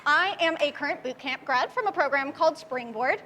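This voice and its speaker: Young woman from Oklahoma, high voice, upbeat casual meetup speaker, faint background noise. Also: lively intonation, brisk, bright, forceful tone. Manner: upbeat, chatty, friendly. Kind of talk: casual tech talk.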